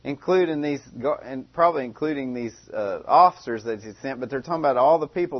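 A man preaching a sermon. He talks in a relaxed, conversational way and often repeats phrases or starts over. The recording is dry and a little dull. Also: mid-range voice, fairly quick, few pauses, no room sound.

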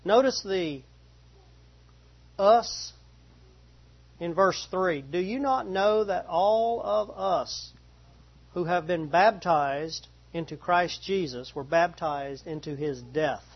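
A man with a fairly high, husky voice leads a Bible study at an unhurried pace. He reads verses deliberately and repeats key phrases. The recording sounds dull and lo-fi. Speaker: Bible teacher.

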